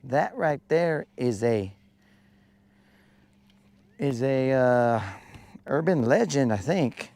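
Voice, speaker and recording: A man's voice: mid-range voice, animated, takes it slowly, vocal fry, long pauses, a little mellow. A man hosting a fishing livestream outdoors on a lake, joking in slang and greeting viewers by name. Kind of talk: casual live-stream chat.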